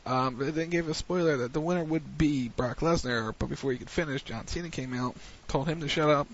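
The wrestling recap host on this internet radio show has a breathy, somewhat high voice and a brisk pace. His talk is casual and rambling, packed with fillers, heard through a muffled lo-fi stream.

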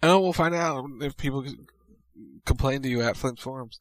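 A man co-hosting a casual podcast chat, animated and quick to banter, reading out listener questions. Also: medium pitch, dry recording. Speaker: podcast co-host.

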